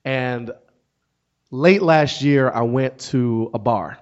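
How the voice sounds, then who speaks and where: A man in his thirties, a comedian and author, telling a story to an audience with wry, deadpan asides. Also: mid-range voice, slow pace. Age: 30s. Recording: dull lo-fi sound.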